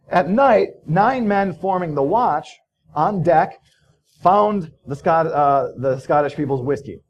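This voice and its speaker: A man's voice: fairly high pitch, a little mellow. A man giving a casual conference talk, telling stories in a loose, profane way with many fillers. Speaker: conference speaker. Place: conference hall.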